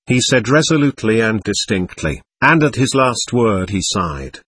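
A man narrating a classic novel as an audiobook, in a measured storytelling manner. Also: lowish voice, very animated, a bit bright, slightly rough, no room sound.

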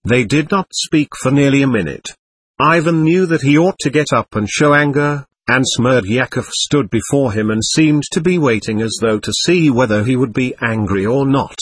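A man narrating a classic novel as an audiobook, in a measured storytelling manner. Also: medium pitch, breathy edge, dry recording.

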